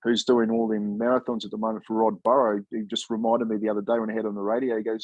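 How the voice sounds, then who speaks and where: Easygoing ex-coach from New Zealand, 50s, husky and dry-miked, chatty storyteller. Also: male voice, lowish voice, level tone, fast talker, hardly any pauses, dry recording, phone-quality sound. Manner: laid-back, chatty, says "mate" often, acts out quoted dialogue. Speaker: former rugby league player and coach, guest. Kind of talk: casual storytelling interview.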